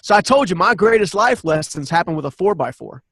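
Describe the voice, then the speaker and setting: A man in his forties talks through a personal story as a podcast guest, earnest and animated, circling back to restart his sentences. His voice sits a touch high for a man. The sound is dry and close, with no room echo. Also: brisk, breathy edge. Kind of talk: personal storytelling in a conversational interview.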